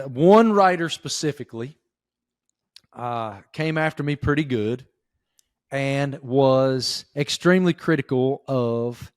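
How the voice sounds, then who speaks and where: A man with an Appalachian Southern accent, a sports reporter chatting as a guest, telling stories in a folksy, animated way. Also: medium pitch, no room sound, studio quality. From southwestern Virginia. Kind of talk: casual interview chat.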